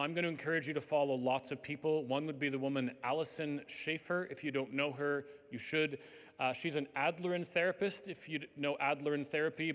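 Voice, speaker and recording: A man's voice: on the high side, fairly bright tone. A man in his fifties giving a conversational conference talk, often saying "like" and acting out quotes. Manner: conversational, peppered with "like", acts out quotes. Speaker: conference speaker. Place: conference hall. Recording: reverberant hall.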